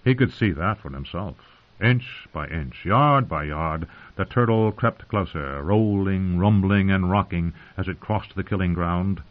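A man reading a fantasy audiobook in a measured, grave storytelling manner. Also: low-pitched. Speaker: audiobook narrator. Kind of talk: scripted fantasy narration. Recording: tinny phone-like audio.

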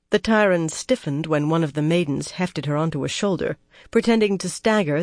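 An audiobook narrator giving a steady, measured reading of fantasy prose. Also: medium pitch, dry recording, clean studio sound.

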